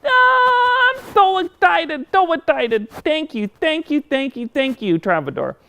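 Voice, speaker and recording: A man doing an excitable tank puppet who swaps S for T. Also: sits high, normal speed, exaggerated voice. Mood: excited. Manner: eager, stumbles over S sounds and says T instead. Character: excitable young male toy-tank puppet with a lisp. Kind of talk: children's puppet show.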